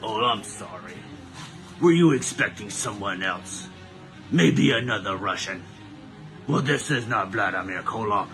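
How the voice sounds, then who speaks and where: A man's voice: on the low side, animated, unhurried, a bit bright, faint music behind. A pro wrestler delivering a boastful, taunting promo that challenges his rival.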